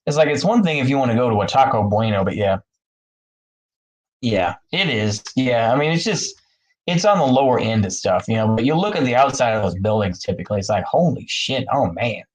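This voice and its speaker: A man chatting loosely with his viewers at a middling pitch, stringing thoughts together with plenty of fillers. He wanders from point to point and laughs often along the way. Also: animated, a little fast, poor audio. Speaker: streamer talking to chat. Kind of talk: casual rambling chat. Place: bathroom, in the bathtub.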